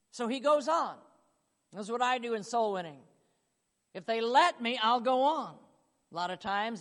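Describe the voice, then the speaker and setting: A man preaching a sermon, emphatic and acting out voices, with a chuckle now and then. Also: sits high. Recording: long hall reverb.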